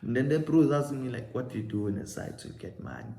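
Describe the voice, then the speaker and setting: A man's voice: medium pitch, sing-song, quick pace, vocal fry, dark tone, roomy sound. A young man with a South African accent, casually telling a storytime and acting out both sides of the conversation. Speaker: vlogger.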